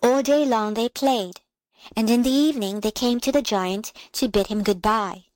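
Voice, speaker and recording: Calm woman reading a storybook. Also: on the high side, normal speed, no echo, low-quality recording.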